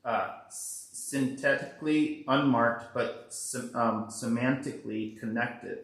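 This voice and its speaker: A man in a class reading a definition aloud, halting and hesitant over difficult words. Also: mid-range voice, steady tone, a bit bright. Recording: roomy echo, away from the mic.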